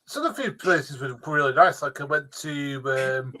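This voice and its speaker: Man, hesitant and stumbling, bright tone, casual chat. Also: fairly high pitch, normal speed. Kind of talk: casual banter.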